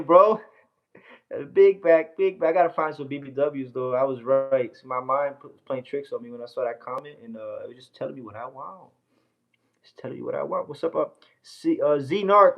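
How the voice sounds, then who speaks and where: A brash man from the United States chats loosely on a phone livestream, reading comments and bragging. His voice sits a bit high for a man. The phone audio is muffled and lo-fi. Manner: boastful, brash, scattered, often says "hold on" and "bro".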